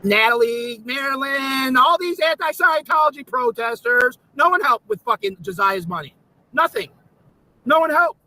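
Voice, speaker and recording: A man with a strikingly high voice and a hard, bright edge vents on a livestream. He swears at nearly every turn and repeats his points in indignation. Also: animated, moderate pace, low-quality recording. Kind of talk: angry livestream rant.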